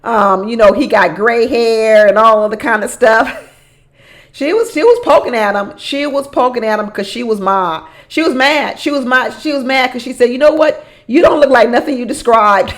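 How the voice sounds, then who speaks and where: A woman with a fairly high voice recaps a reality show in a loose, casual way. She says her favourite lines twice for emphasis and breaks into laughter often. She talks straight to the people on the show as if they could hear her. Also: normal speed. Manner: animated, repeats phrases for emphasis, laughs often. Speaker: reality show commentator and relationship coach.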